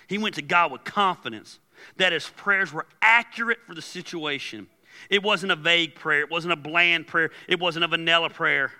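A man preaching a sermon as pastor, animated and acting out quoted prayers. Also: a little high, normal speed. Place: large church hall. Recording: long hall reverb.

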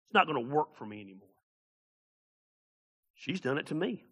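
Pastor, male, bright raised voice, lively sermon with shouted bursts. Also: a little high, normal speed. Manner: animated, shouting bursts and jokes.

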